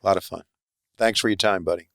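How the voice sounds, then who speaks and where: A man's voice: low-pitched, fairly even intonation, quick pace, gravelly, a bit bright, no room sound. Wry male podcast host. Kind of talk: casual interview chat.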